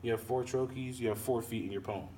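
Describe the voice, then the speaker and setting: A man teaching a lesson on poetic meter, explaining slowly and repeating and sounding out words. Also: mid-range voice, steady tone, mellow. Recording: distant mic with faint background noise.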